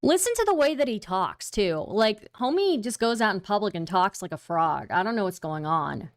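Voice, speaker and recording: A woman's voice: medium pitch, big pitch swings, normal speed, no echo. A woman hosting a live stream, giving rambling, incredulous casual commentary with lots of fillers. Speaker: streamer host.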